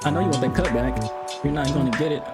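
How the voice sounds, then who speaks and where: A man's voice: mid-range voice, quick pace. A man streaming a soccer video game, trash-talking opponents and rambling through casual commentary with fillers and restarts. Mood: taunting. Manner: trash-talking, taunting, swearing. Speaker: gaming streamer. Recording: loud game music behind the voice.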